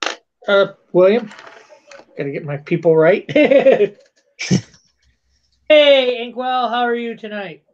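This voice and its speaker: A man's voice: very high voice, lively intonation, slow, pauses often, highs cut off. A man hosting a live stream in casual chat, reading viewer comments aloud, rambling and stumbling over his words.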